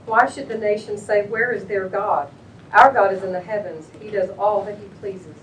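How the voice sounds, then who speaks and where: A woman reading scripture aloud with an earnest, steady delivery during a church service. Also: mid-range voice, moderate pace, recorded from a distance, slight background noise. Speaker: scripture reader. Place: church sanctuary. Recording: roomy church hall, away from mic.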